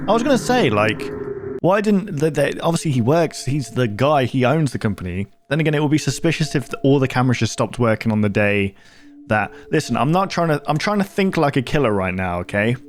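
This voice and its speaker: A man's voice: mid-range voice, big pitch swings, a little fast, background noise. A man hosting a video reaction channel, chatting casually and thinking aloud, often cutting himself off mid-sentence. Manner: rambling, thinking aloud with self-interruptions.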